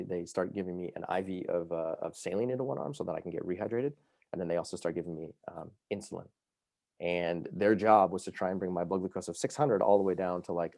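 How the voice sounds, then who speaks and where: A man tells his personal story as a guest on a podcast, rushing through it with plenty of fillers. His voice sits very low and has a gravelly fry. The sound is mellow and dark, with no room echo. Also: clean studio sound. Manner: fast, lively, full of fillers like "you know" and "like".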